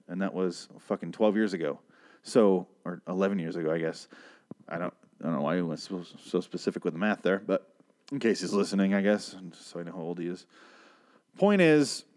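A man's voice: lowish voice, a little mellow. A man from Michigan hosting a podcast, ranting in a rambling, sarcastic and profane casual monologue. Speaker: podcast host.

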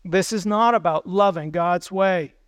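High, smooth-voiced male pastor preaching. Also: a little slow, dry recording. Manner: earnest, asks the congregation questions. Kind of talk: sermon.

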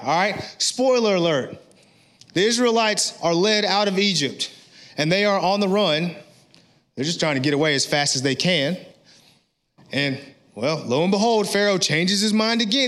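A male pastor preaching a sermon in an energetic, conversational way, often checking in with his listeners. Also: sits high, normal speed.

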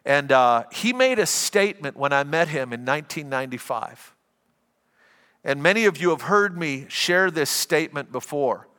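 A man's voice: fairly high pitch, lively intonation, moderate pace, sharp tone, smooth, big-room sound. A middle-aged man preaching a sermon as a pastor, talking in a conversational, anecdotal way and often restarting his sentences.

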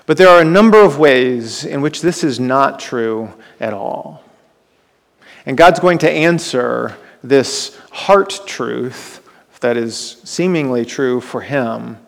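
Male pastor, sermon, gravelly voice, slow unhurried delivery, rhetorical questions, long church reverb. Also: mid-range voice. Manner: asks rhetorical questions, retells scripture dramatically.

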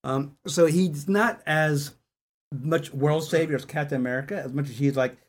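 A man's voice: fairly high pitch, moderate pace. Upbeat man chatting on a podcast. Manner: enthusiastic, laughs often. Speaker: podcast co-host. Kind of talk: casual chat.

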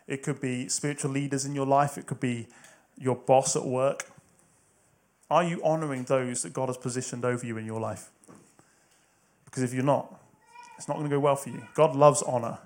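A man with a mid-range voice preaches a sermon, shifting from quiet storytelling to loud, emphatic exhortation.

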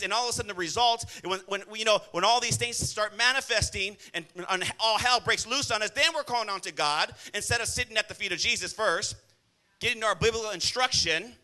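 A man's voice: high-pitched, pushed and bright. A male pastor preaching a sermon in a church, blunt and scolding, often calling out to the congregation for an "amen.".

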